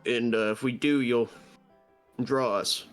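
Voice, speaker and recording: A man's voice: mid-range voice, fairly even intonation, takes it slowly, soft background music. A young man narrating a tabletop game as game master, playful and lightly voicing the characters. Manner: playful storytelling, voices orc characters lightly.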